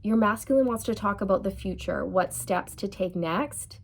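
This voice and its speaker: A woman's voice: mid-range voice, moderate pace, gravelly, slightly rough. A woman giving a tarot reading in a loose, chatty way, repeating phrases and laughing at her own slips. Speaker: tarot reader. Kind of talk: tarot card reading monologue.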